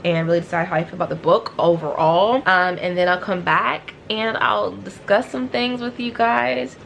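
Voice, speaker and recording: Young woman book vlogger, casual, excitable fangirl energy, slangy. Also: medium pitch. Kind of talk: casual reading vlog.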